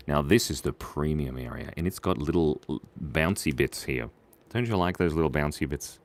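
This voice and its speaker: A man, livestreaming as he draws. He chats playfully with viewers, reads out their names and gives shout-outs, and drops to a soft murmur while he draws. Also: low voice. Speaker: streamer drawing live for viewers. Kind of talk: chatty live-stream drawing commentary.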